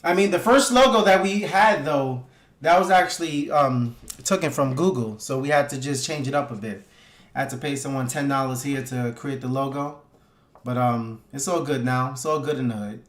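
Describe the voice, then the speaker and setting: A man's voice: mid-range voice, moderate pace. A man hosting a casual livestream, talking loosely and profanely with his viewers and hyping them up. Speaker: livestream host. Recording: echoey room.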